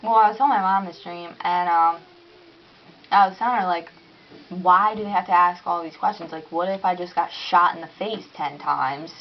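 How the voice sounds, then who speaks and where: A young woman telling a story in a casual vlog at home, animated and chatty, full of "like" and "dude", acting out her own panic. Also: lowish voice, normal speed, muffled recording.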